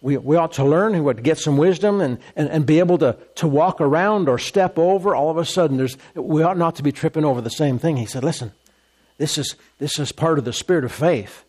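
A man's voice: fairly high pitch, expressive, fairly quick, a little mellow. A male pastor preaching a sermon, repeating phrases for emphasis and reading scripture aloud.

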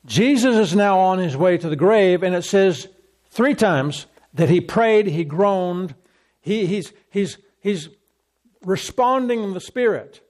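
High-pitched guy preaching a sermon, hammering the same points over and over. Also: animated, slow, a little mellow. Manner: emphatic, repetitive preaching with acted quotes.

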